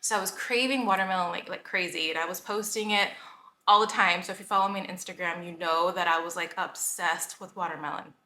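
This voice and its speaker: A woman vlogger talks casually to her viewers, chatty and full of fillers. Her voice is bright and clear. The room gives it a noticeable echo. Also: lowish voice, steady tone, fairly quick. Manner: chatty, many "like" fillers, laughs often. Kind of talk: casual talk to camera.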